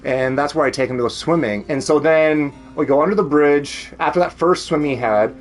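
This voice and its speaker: A man's voice: fairly high pitch, moderate pace, faint music behind. A man with a Canadian accent chatting casually at home on a stream, rambling, laughing often and swearing freely. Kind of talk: casual chat.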